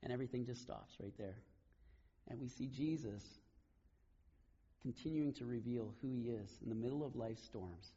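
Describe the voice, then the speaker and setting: Husky male pastor, casual preaching. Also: medium pitch, moderate pace, warm tone, muffled recording. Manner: conversational storytelling, casual paraphrase of scripture. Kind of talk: sermon.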